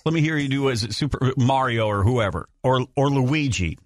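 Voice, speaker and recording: Animated male radio host. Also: medium pitch, normal speed, no echo. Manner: animated, probing. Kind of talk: morning radio chat.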